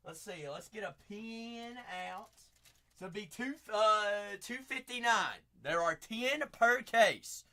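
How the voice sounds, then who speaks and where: Man, Southern accent, high bright voice, chatty live-stream host. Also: animated, slow. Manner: chatty, drawling, talks to viewers by name. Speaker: card break host. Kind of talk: live-stream card break chat.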